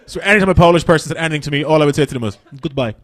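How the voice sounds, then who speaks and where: A man's voice: on the high side, rapid-fire, no echo. An Irish man doing stand-up comedy on a festival stage, brash and profane, rambling through his stories.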